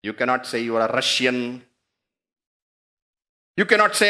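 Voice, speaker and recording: A man's voice: medium pitch, big pitch swings, normal speed, pauses often, sharp tone. A man giving a spiritual discourse, teaching through rhetorical questions and emphatic repetition. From India.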